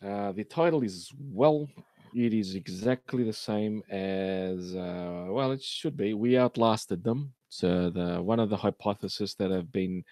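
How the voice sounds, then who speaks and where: The host of a laid-back science commentary talks a little slowly in a low, mellow voice, barely pausing, with no echo. He mocks news articles sarcastically, piling on fillers and restarts as he goes.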